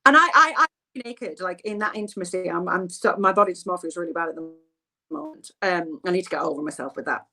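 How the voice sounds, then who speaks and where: Low-voiced woman telling her story. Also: lively intonation, fast talker, bright, forceful tone. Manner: earnest, rambling, repeats herself. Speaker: interviewee. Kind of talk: heartfelt personal storytelling.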